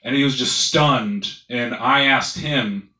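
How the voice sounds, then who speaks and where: A man's voice: mid-range voice, slow pace, sharp tone, echoey room, poor audio. A man doing stand-up, telling a rambling, profane story and laughing at his own jokes. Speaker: stand-up comedian.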